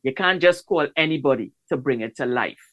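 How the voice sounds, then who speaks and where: A man's voice: mid-range voice, lively intonation, brisk, a bit bright. A man hosting an interview, rambling and repeating words while encouraging his guest. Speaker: podcast host. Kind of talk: casual interview talk.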